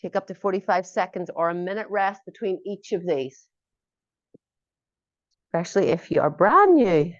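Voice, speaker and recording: A woman's voice: fairly low pitch, lively intonation, moderate pace, pauses often. A woman fitness instructor coaching a workout class, giving encouraging cues and joking asides. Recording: dull lo-fi audio.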